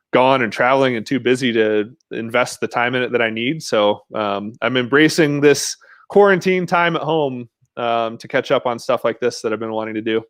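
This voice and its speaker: A mountain bike rider, appearing as a podcast guest, tells stories in a relaxed, casual interview chat, often using fillers. His mid-range voice is fairly bright, clear and resonant, recorded in studio quality with no echo.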